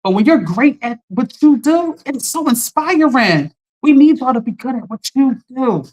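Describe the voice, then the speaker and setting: A woman's voice: high-pitched, animated, moderate pace, a little mellow. Emphatic woman coaching her live viewers. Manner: emphatic, repeatedly addressing viewers as "y'all"; earnest and encouraging, greeting viewers by name. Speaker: life coach. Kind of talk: live-streamed motivational talk.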